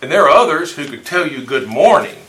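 Brief: bright-voiced man leading a church Bible class, chatty and folksy, heard from a distance in a roomy hall. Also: fairly high pitch, sing-song, fairly quick. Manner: conversational, folksy, with rhetorical questions. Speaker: Bible study teacher. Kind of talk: informal Bible class teaching. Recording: roomy distant room mic, faint noise.

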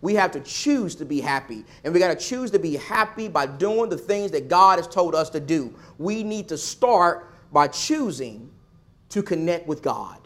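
High-voiced preacher building emphatic repetitions. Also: male voice, animated, normal speed. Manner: swings between loud pushes and soft asides. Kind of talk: sermon.

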